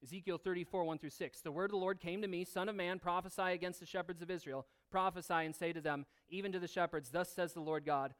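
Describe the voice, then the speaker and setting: A man's voice: sits high, steady tone, quick pace, few pauses, fairly bright tone, clean tone. A man preaching a sermon, earnestly reading scripture aloud and drawing on everyday examples. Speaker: pastor.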